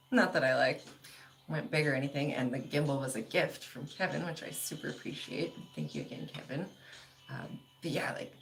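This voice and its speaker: A woman's voice: low voice, vocal fry, a little hiss or hum. A woman hosting a casual livestream, chatting loosely with lots of "like" and laughing often as she reads viewer comments. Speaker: livestream host.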